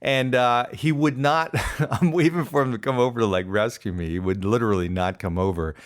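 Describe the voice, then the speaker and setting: A man hosting a podcast, telling a personal story in an animated, self-deprecating way. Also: medium pitch, a little fast. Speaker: podcast host. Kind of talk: casual storytelling monologue.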